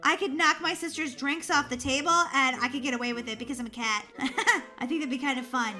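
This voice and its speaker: A woman's voice: sits high, fairly even intonation, brisk, pushed and bright. A woman voicing a silly young girl turned into a cat, giggly and goofy, full of meows. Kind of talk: voiced game role-play. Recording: music playing behind.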